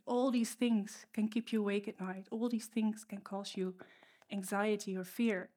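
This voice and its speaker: A woman whose first language is not English, preaching a sermon from a stage in an earnest, emotional way, with pauses and restarts. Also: mid-range voice. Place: stage before an audience.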